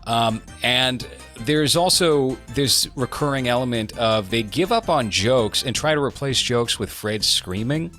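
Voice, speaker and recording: A man in his thirties chatting casually on a podcast, giving a measured, critical take in long run-on thoughts. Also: mid-range voice, expressive, a bit bright, faint music behind. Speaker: podcast co-host reviewing a movie. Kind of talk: casual chat.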